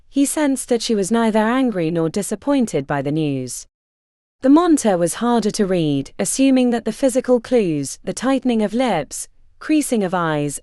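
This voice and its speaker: A woman narrating a fantasy audiobook in an expressive storytelling manner. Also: medium pitch, no echo, studio quality.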